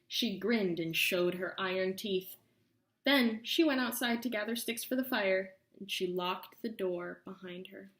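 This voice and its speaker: A woman reading a children's story aloud, expressive and slowing for suspense. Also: medium pitch, roomy sound. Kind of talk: read-aloud story narration.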